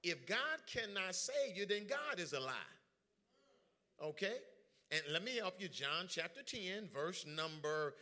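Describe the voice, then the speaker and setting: A man preaching a lively sermon, joking with the congregation and calling for their responses. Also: high-pitched, unhurried. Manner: lively, joking, drawls informal speech.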